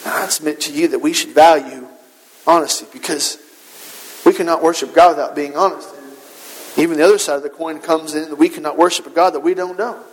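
A man's voice: on the high side, steady tone, a little fast. A man preaching a sermon to his congregation, earnest and emphatic, firing rhetorical questions and repeating his points. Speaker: pastor. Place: church sanctuary. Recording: long hall reverb.

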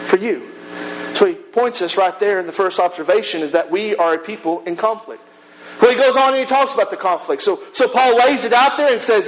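A middle-aged man, a pastor, preaching an animated sermon and repeating phrases for emphasis. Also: high-pitched, rough recording.

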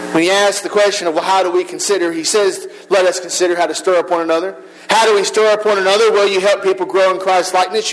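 Male pastor, high-pitched, emphatic sermon delivery with rises and hushed drops, recorded in an echoing sanctuary. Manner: emphatic preaching with repeated phrases, swinging between loud rises and low quiet drops. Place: church sanctuary. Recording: long reverb of a church hall.

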